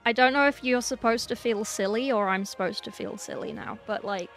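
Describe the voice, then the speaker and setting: Brief: young woman streamer, slightly high voice, chatty, faint music underneath. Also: brisk, a bit bright. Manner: chatty, reading and answering chat aloud. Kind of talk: casual livestream chat while painting miniatures. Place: small room at home.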